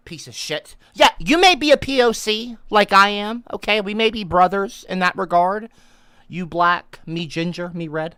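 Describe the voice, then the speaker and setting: A woman livestreamer ranting for comic effect, profane and bossy, lecturing her chat and breaking into shouted outbursts. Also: mid-range voice, moderate pace, smooth, dry recording. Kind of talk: comedic livestream rant.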